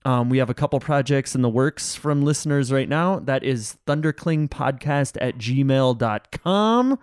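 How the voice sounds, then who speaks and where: A man's voice: medium pitch, a little slow, clean tone, no echo, studio quality. A man co-hosting a podcast in casual, joking chat. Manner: joking, animated, deadpan asides. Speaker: podcast co-host.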